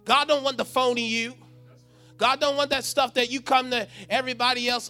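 A man preaching a sermon with passion, swinging between shouts and hushed, low lines. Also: flat delivery, a little fast, soft background music.

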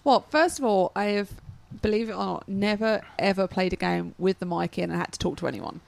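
A young English woman co-hosting a podcast, telling stories in a giggly, animated way. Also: mid-range voice, a little fast, creaky. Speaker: podcast co-host. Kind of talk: casual chat.

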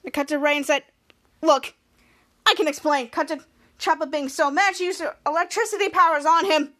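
Female podcast host, very high and bright, casual scene-by-scene recap that acts out the quotes. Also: fast. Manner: retells scene by scene with repeated "cut to", acts out lines.

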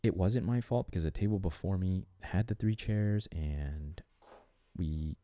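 Podcast host, male, very low mellow voice, earnest and rambling, dry close sound. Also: a little slow. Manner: earnest, rambling, with frequent restarts and filler. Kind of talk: reflective solo podcast monologue.

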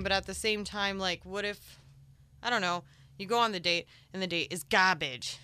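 A woman's voice: medium pitch, clear, resonant tone. A woman in her twenties co-hosting a casual podcast chat, joking and repeating herself, hungover. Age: 20s. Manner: animated, repetitive, jokey. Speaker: podcast co-host.

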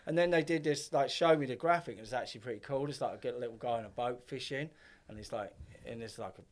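A man in his 50s, appearing as a podcast guest, talks quickly at a medium pitch in casual chat. He rambles through stories, swears, and acts out what other people said.

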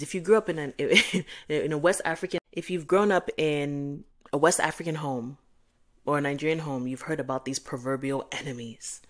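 A woman with a notably low, deep speaking voice hosts her own podcast in a loose, chatty way. She sounds encouraging and breaks into light laughter between points. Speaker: podcast host. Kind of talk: casual solo podcast talk.

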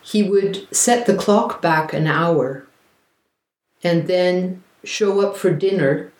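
A woman's voice: on the low side, slow, reverberant. A woman guest telling personal stories in conversation, acting out the voices of people she quotes. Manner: animated, acts out quoted voices. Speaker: interview guest.

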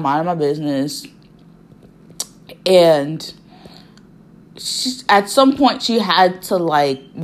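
A woman in her twenties telling a personal story in a casual, chatty way, full of fillers and asides. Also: low voice. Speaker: vlogger.

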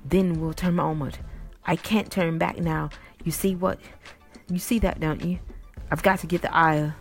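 A woman voicing an obsessed middle-aged whaling captain who speaks in gruff New England dialect, commanding and then pleading. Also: on the low side, steady tone, normal speed, faint music behind, pitched above the performer's own voice, lightly acted.

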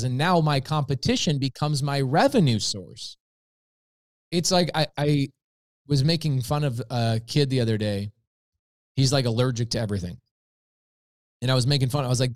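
A man's voice: on the high side, a little fast, dry recording, clean studio sound. A man telling a story as a podcast guest, acting out both sides of imagined conversations with lots of energy. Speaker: podcast guest, real estate investor. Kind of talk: animated storytelling with acted-out dialogue.

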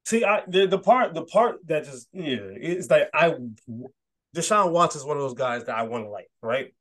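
A man's voice: on the high side, animated, normal speed, a bit bright. A man co-hosting a casual sports podcast, joking and teasing in a slangy way and laughing often. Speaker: podcast co-host.

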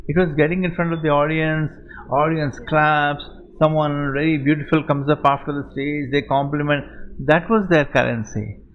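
A man's voice: on the high side, moderate pace, muffled recording, a little hiss or hum. A man giving a lecture and answering student questions, telling stories with lots of fillers and rhetorical questions. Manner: animated storytelling, many fillers, rhetorical questions. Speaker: guest speaker.

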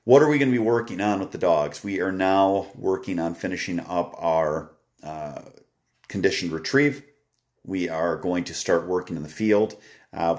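Tired man, very low voice, relaxed rambling host chatting on a live stream. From Wisconsin. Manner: relaxed and rambling, frequent "uh" fillers. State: tired, yawning. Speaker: dog trainer hosting a live stream. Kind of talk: casual live-stream chat answering comments.

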